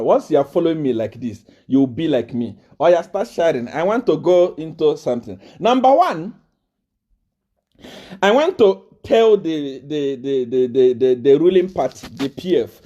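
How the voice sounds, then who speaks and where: A man delivers political commentary straight into a live video, repeating his points and laughing between them. His pitch sits high for a man and swings widely from phrase to phrase. The tone is dark and mellow rather than bright. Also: sing-song, moderate pace, highs cut off. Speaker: online commentator.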